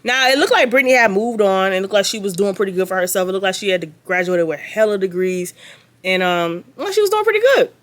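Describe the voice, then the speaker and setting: A young adult woman vlogging a story in casual chat, animated and gossipy with sarcastic asides. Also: medium pitch, fairly quick.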